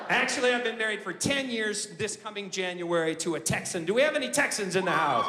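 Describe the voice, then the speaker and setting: Man, stand-up comic, animated and loud on the jokes; high voice, live room with heavy reverb. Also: fast talker, heavy background noise. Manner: animated, shouting punchlines. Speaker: stand-up comedian. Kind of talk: stand-up routine. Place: large theater stage with live audience. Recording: echoey hall, loud crowd laughter.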